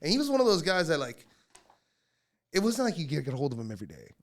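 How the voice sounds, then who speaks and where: A man guesting on a podcast who tells stories in a loose, casual way. His voice sits a little higher than most men's. He is heavily profane and animated, and he keeps acting out the people in his stories. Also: fast. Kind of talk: casual storytelling chat.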